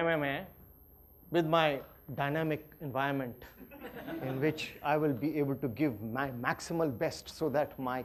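A middle-aged man with an Indian English accent giving a lively, playful workshop lecture that swings between loud emphasis and quiet asides. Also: fairly high pitch.

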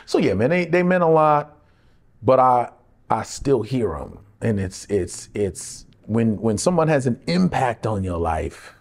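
A man's voice: mid-range voice, unhurried, vocal fry. A middle-aged man, an actor in a candid interview, telling stories and acting out other people's lines, laughing often. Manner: animated, acts out quoted voices, laughs often. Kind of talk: candid conversational storytelling.

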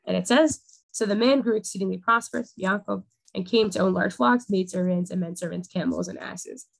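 A woman's voice: mid-range voice, fairly quick, creaky, no room sound, rough recording. A young woman teaching a casual Torah class, talking things through with many fillers. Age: young adult.

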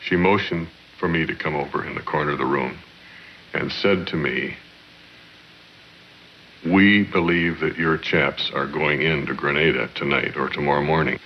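Deep, gravelly man in archive interview. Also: slight background noise. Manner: measured storytelling, formal phrasing. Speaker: former diplomat interviewee. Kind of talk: documentary interview recollection. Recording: muffled archive documentary audio.

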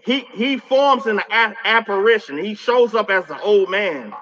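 A man's voice: sits high, moderate pace, bright, forceful tone. A man on a live stream cursing and taunting at a spirit, confrontational and profane, often repeating words as he gets worked up, heard through a phone mic. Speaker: livestreamer addressing a spirit. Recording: dull lo-fi stream audio.

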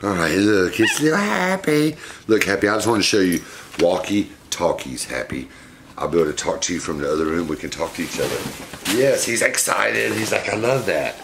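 Brief: lower-voiced man, casual unboxing vlog host, fond and chatty, clear background noise. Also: sing-song, brisk. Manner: chatty, fond, talks to his pets. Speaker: pet monkey owner and channel host.

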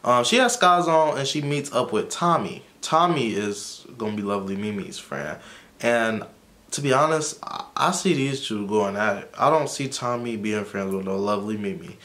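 A man's voice: lowish voice, animated, normal speed, a bit bright. A man casually recapping a reality TV episode for his channel, chatty and opinionated, with many fillers. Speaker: YouTuber reviewing a TV episode.

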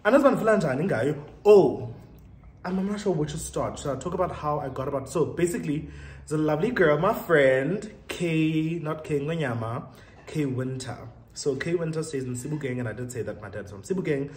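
A man's voice: fairly high pitch, lively intonation, moderate pace, a little mellow. A young South African man chatting casually and laughing often while telling a story and getting ready. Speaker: vlogger. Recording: roomy echo, faint room noise.

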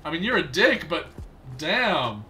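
A man streaming a game, chatting casually with viewers, excitable and laughing often. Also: a little high, unhurried, soft background music. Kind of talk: casual gameplay commentary.

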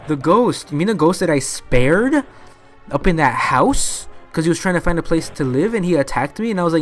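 A man doing live commentary as he plays a video game, excitable and talking to himself. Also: a little high, normal speed, soft background music. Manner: excitable, talks to himself while playing. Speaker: let's play gamer.

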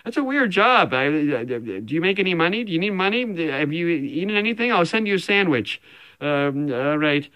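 A man's voice: on the high side, sing-song, moderate pace, dull audio. Rambling, stammering comic man. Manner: rambling, self-deprecating, full of stammers and restarts. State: sweaty after a run. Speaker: comedian recording a personal video message. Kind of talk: rambling improvised comic message.

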